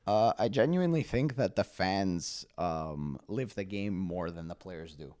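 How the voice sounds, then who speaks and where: A young man from Canada, a guest on an interview podcast, telling stories in a casual, animated way with lots of fillers. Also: sits low, a little slow. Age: young adult. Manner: animated storytelling with many "like" fillers. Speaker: guest, pro soccer player.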